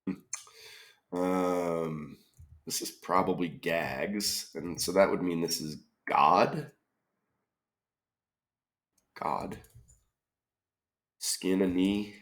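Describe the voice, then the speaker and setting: A man's voice: low voice, very slow, long pauses, a bit bright. A man solving a crossword aloud, musing tentatively and often trailing off with questions. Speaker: crossword solver. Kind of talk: thinking-aloud puzzle solve.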